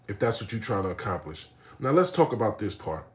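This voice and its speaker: A man ranting on a livestream, animated and profane, swinging between low mutters and shouting. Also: brisk. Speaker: streamer. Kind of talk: livestream rant.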